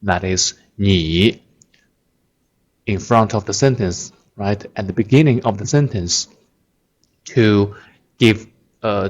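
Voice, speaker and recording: A man's voice: lowish voice, highs cut off. A man whose first language is Chinese, teaching a language lesson patiently, repeating words with many fillers. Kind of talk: slow explanatory lesson.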